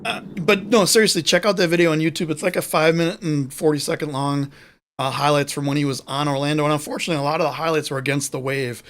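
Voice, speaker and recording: A man's voice: on the high side, steady tone, fast, fairly bright tone. A man co-hosting a live sports show, talking casually and rambling, often correcting himself mid-sentence. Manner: rambling, self-correcting, chatty. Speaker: podcast co-host.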